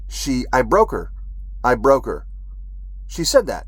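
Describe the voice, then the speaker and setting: A man's voice: mid-range voice, wildly swooping pitch, slow pace, pauses often, slightly rough, dry recording. A man who is a military veteran, telling a story in an agitated, profane ranting monologue.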